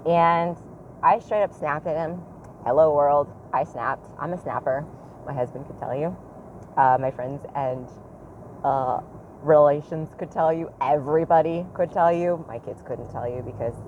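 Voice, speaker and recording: A woman's voice: low voice, measured pace, lo-fi sound. A woman in her thirties talking candidly and rambling a bit about parenting in a casual personal vlog, outdoors by a train line. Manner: candid, rambling, self-reflective. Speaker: parent vlogger. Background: passing train and traffic.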